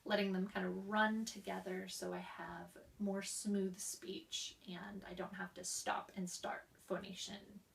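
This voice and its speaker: A young woman with a flat, mid-range voice and vocal fry speaks into a distant mic. As a student presenter, she explains voice therapy exercises for a class, showing each by coughing, sighing, or lengthening words.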